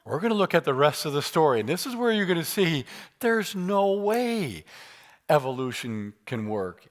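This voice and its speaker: A man giving a lively church lecture on faith and science, speaking in an emphatic, conversational way with touches of humor. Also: mid-range voice. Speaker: church speaker teaching apologetics.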